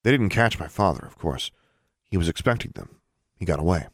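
A man's voice: low voice, expressive, a little fast, dry recording, clean studio sound. A man reading an audiobook, voicing a defiant, guarded teenage witch girl in a raised, strained tone. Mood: tense, wounded.

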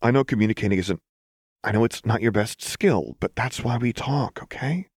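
A man doing a soft, soothing young woman. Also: on the low side, moderate pace, husky, dry recording, clean studio sound, pitched above the performer's own voice. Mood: gentle. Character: gentle, reassuring young woman, steady lover.

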